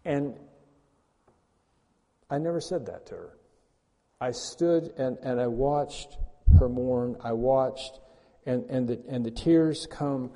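A male pastor preaching an earnest sermon, dropping to soft, tender passages and rising to loud, emphatic peaks. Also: medium pitch, expressive, slow, long pauses, in a large hall.

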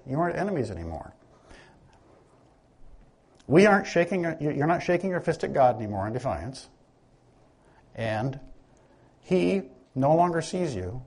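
Husky-voiced man preaching with lively pitch. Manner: teaching, conversational, asks the listeners questions. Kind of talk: sermon.

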